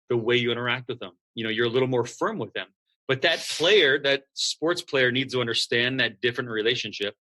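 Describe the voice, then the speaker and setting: A man who founded a school, talking casually as a podcast guest and acting out what students and coaches say. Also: medium pitch. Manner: lively, acts out quoted students and coaches. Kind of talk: casual interview conversation.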